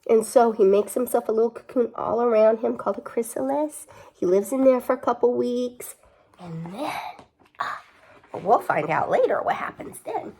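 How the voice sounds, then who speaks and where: A woman's voice: on the high side, normal speed, dark tone, a little hiss or hum. A young woman reading a picture book aloud to children, chatty, with playful asides and questions. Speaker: storybook reader.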